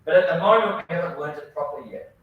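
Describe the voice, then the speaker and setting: Male karate coach, upbeat and encouraging with students; higher voice, distant mic in a booming echoey training hall. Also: fast talker, narrow, tinny audio, a little hiss or hum. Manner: encouraging, praising students often. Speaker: karate instructor. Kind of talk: coaching a children's class.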